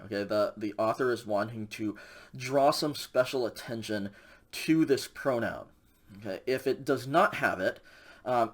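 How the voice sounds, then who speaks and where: A man delivering a recorded lecture in an unhurried, conversational way. He explains step by step, filling pauses with "um" and checking understanding with a frequent "okay?". His voice sits at an ordinary middle pitch. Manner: relaxed explaining, many ums and okays. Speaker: Greek instructor.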